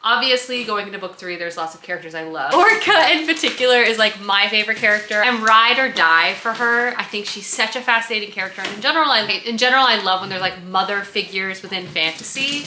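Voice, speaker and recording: A woman's voice: mid-range voice, fast, hardly any pauses, bright, forceful tone, roomy sound, slight background noise. A woman book vlogger chatting casually at home, enthusiastic and full of "like" fillers. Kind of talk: casual vlog chat. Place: home under construction, indoors.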